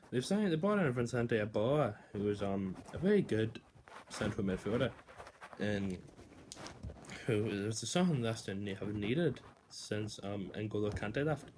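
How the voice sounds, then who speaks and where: A man's voice: fairly low pitch, a little mellow, a little hiss or hum. Rambling, swearing young Englishman. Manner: rambling, swearing, restarting often. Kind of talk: casual football predictions vlog.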